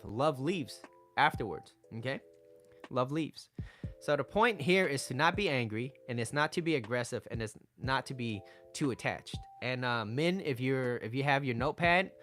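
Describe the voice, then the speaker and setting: A man's voice: mid-range voice, a bit bright. Blunt man giving dating advice. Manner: blunt, emphatic, tags lines with "right?" and "okay?". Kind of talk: direct-to-camera advice monologue.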